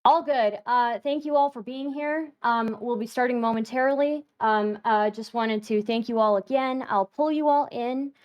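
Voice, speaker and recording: Slightly high woman, hesitant announcements. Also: moderate pace, hardly any pauses, lo-fi sound. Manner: hesitant, many ums and restarts. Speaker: stream organizer. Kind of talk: casual announcements on a live stream. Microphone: video call.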